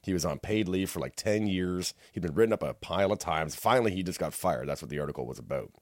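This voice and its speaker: A man's voice: low-pitched, lively intonation, quick pace, dry recording, clean studio sound. A man in casual chat, telling a rambling, profane story and acting out what people said. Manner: rambling, profane, acts out quotes.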